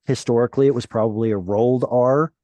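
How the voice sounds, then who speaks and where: A patient man leads an online reading class, praising his students and explaining each point step by step. His voice is mellow and dry, close to the mic, heard over a video call. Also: mid-range voice, steady tone, quick pace, no echo. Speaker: Hebrew teacher.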